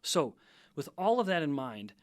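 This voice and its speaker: A middle-aged scientist, appearing as an interview guest, explains things in a measured, lecturing, methodical way. His voice is a little high and very animated, with no echo.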